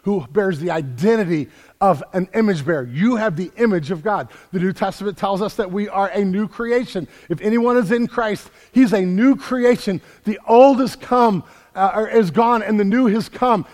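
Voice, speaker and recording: A man preaching a sermon as a pastor in a church, energetic and repeating words as he builds emphasis. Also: sits high, moderate pace, long reverb tail.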